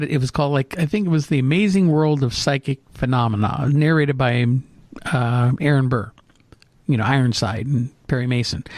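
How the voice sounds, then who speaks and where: A middle-aged man telling a story in casual chat, with lively restarts and fillers. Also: fairly high pitch, no echo. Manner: animated anecdote, hesitant fillers. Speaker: co-host.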